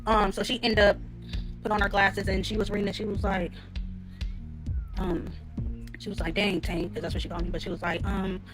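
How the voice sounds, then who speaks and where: A woman's voice: mid-range voice, little pitch movement, fairly quick, pauses often, loud music behind the voice. Candid woman telling a rambling story. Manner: rambling with many fillers, acts out quotes loudly. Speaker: storyteller in a reaction clip. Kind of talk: casual storytime, profane and candid.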